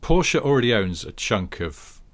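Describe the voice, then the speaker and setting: A man's voice: mid-range voice, very animated, measured pace. A man co-hosting a podcast in casual chat, wry and explanatory. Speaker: podcast co-host.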